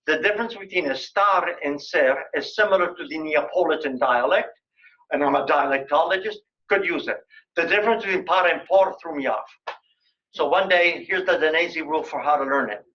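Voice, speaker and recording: An older man lectures in a room, telling anecdotes with a joking, chatty ease. His voice sits a little high and rings bright. The recording is dull and lo-fi. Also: brisk. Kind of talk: colloquium lecture.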